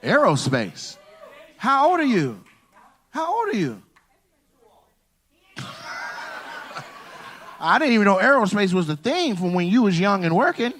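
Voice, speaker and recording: A male comedian doing crowd work on a club stage, teasing the audience and shouting out punchlines. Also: high-pitched, sing-song, a little slow, pauses often, slight background noise. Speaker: stand-up comedian.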